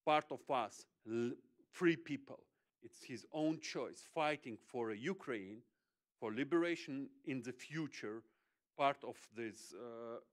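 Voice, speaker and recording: A man speaks on a forum panel with passion, his English halting and broken by apologies. His voice sits in an ordinary middle pitch. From Chechnya. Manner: halting non-native English, frequent apologies, emphatic. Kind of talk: impassioned panel remarks.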